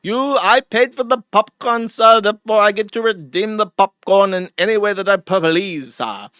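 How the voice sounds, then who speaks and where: A man's voice: sits high, normal speed, pushed and bright, smooth, no echo, clean studio sound, pitched above the performer's own voice. A man voicing an overly formal male moviegoer who bickers in exaggerated polite phrases. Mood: indignant.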